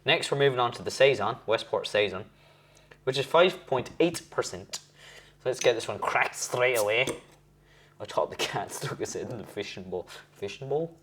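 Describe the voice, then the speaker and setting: Hosting a laid-back beer-tasting vlog from home, a young man samples and scores beers, wandering off topic and catching his own mistakes. His mid-range voice is animated and a bit bright, at a moderate pace, with slight background noise.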